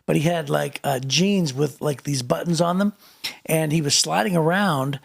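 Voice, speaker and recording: A man's voice: on the high side, normal speed, vocal fry, breathy edge. A man co-hosting a casual chat, rambling with restarts as he tells a family story. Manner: rambling, restarts, many fillers. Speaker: co-host.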